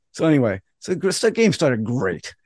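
Speaking at a measured pace in a fairly high voice, this podcast co-host animatedly relates his umpiring tales, playing both parties in each argument. Casual swearing slips in occasionally, and the audio is dry and close, with no room around him.

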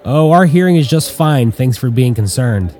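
A man's voice: medium pitch, animated, moderate pace, mellow, some chatter behind, voice pushed up, lightly acted. A man voicing a sarcastic, bitter male bomber officer. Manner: sarcastic, sardonic.

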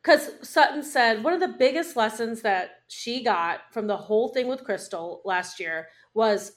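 A woman co-hosting a casual chat, expressive and given to swearing. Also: on the high side, normal speed. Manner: expressive, acts out quotes and swears freely. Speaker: podcast co-host. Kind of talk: casual chat recapping a reality show.

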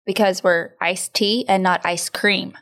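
A woman, a tea shop owner, telling lively stories in a podcast interview. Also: mid-range voice, a little slow. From Texas.

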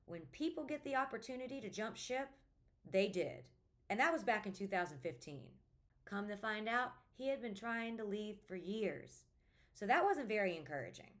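A woman, hosting a casual podcast monologue and talking candidly with lots of swearing. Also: medium pitch. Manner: candid, profane, animated storytelling. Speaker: podcast host, attorney.

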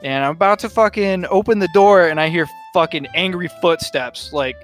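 A man's voice: high voice, moderate pace, a bit bright, soft background music. A young man on a podcast, telling rambling stories with lots of swearing and laughing. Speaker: podcast co-host. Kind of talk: casual storytelling chat.

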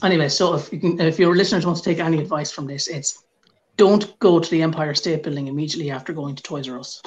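A man's voice: a little high, fast talker, dull audio. A man with an Irish accent on a podcast, telling a casual anecdote and acting out the quotes. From Ireland. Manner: animated anecdote teller, acts out shouted quotes. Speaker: podcast co-host. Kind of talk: casual storytelling.

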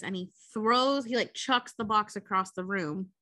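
A woman's voice: fairly high pitch, moderate pace, few pauses. A young woman podcast co-host retelling a movie plot in casual, profane chat. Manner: profane, animated storytelling.

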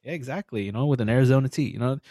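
A man co-hosting a podcast in a relaxed, casual way, with lots of "you know" and "um" and some easy swearing. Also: mid-range voice, rapid-fire, dry recording, clean studio sound. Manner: relaxed, filler-heavy, leans on "you know" and "um"; laughs easily, swears casually. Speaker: podcast co-host.

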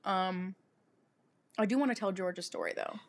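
Young woman telling a crude, animated story. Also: mid-range voice, moderate pace, gravelly. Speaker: podcast co-host. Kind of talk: casual chat.

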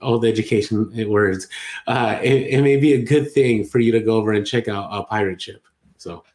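A man's voice: on the low side, moderate pace, darkish tone, reverberant. A man co-hosting a casual podcast chat, rambling and correcting himself as he goes. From Latin America. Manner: rambling, self-correcting, chatty. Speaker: podcast co-host. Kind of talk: casual chat about online selling.

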